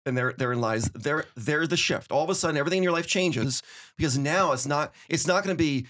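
A middle-aged man telling stories in casual conversation, animated, acting out quotes as he goes. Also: fairly high pitch. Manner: fast, animated storytelling with acted-out quotes. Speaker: podcast guest, winery owner.

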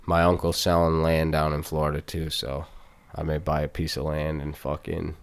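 A man, a fighter appearing as a guest, chatting casually and laid-back, swearing freely and breaking into loud laughs. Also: a bass voice, flat delivery, moderate pace, gravelly, smooth. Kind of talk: casual chat.

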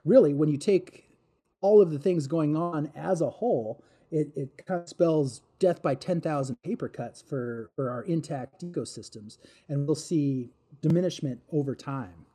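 A man from Alaska talks as a podcast guest in a warm, mellow voice that sits a little high. He speaks earnestly, pausing and restarting as he thinks. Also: breathy edge. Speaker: guest wildlife expert. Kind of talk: casual interview talk.

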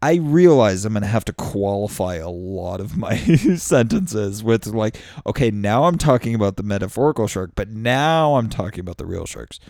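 Talking with hardly any pauses, a man hosts his podcast solo, swearing freely and mocking himself through loose, crude metaphors. His lowish, expressive voice has vocal fry and a slightly mellow tone at a moderate pace, recorded echo-free on a studio mic.

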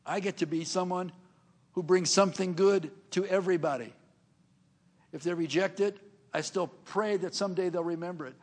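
Older male preacher, slightly high gravelly voice, chatty storyteller who laughs between lines. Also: normal speed, darkish tone. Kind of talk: sermon storytelling.

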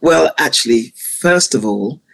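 Lively, husky-voiced woman telling stories. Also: a bass voice, a little slow. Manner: animated, laughs often while telling stories. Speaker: choir conductor, guest. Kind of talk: interview storytelling.

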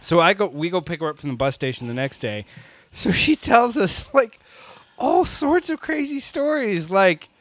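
A man co-hosting a podcast, spinning a casual story with lots of fillers and frequent laughter. His voice sits high and swings widely in pitch. The sound is dry and close. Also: moderate pace, dry recording. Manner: animated, laughs often, many fillers. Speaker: podcast co-host.

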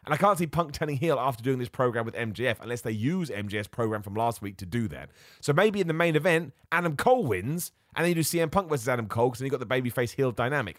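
An excitable man talks through his picks on a solo podcast, mocking himself as he jumps from one idea to the next. His pitch is middling but swings up and down a lot. The sound is close and dry, with no room echo. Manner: excitable, self-mocking, jumps between ideas. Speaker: podcast host.

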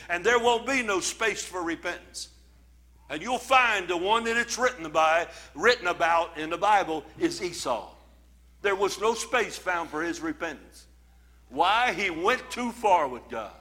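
High, bright-voiced male pastor preaching. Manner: preaching with scripture readings, emphatic and conversational. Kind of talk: sermon.

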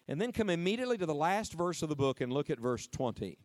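Man, preacher, high voice, call-and-response sermon, dry close sound. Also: very animated, no echo. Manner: call-and-response, drawn-out emphatic words. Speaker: preacher at a camp meeting. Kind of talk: lively interactive sermon.

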